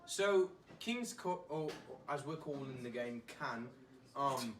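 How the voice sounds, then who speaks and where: A man's voice: mid-range voice, animated, slow, noisy background. A man co-hosting a podcast in casual drinking-game chat. He explains things in a rambling, hesitant way, full of ums. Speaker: podcast co-host. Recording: echoey room, mic at a distance, people chattering.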